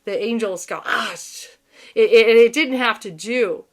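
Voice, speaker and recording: A woman's voice: a little high, measured pace. A woman hosting a spiritual channel, talking in a rambling, blunt unscripted monologue with swearing and frequent restarts.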